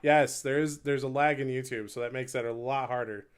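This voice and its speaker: A man with a clear, resonant mid-range voice speaks fairly quickly with fairly even intonation. During a live stream of his instrument practice, he chats casually and rambles with viewers, laughing self-deprecatingly and counting beats aloud as he plays, with a faint hurdy-gurdy drone in the background.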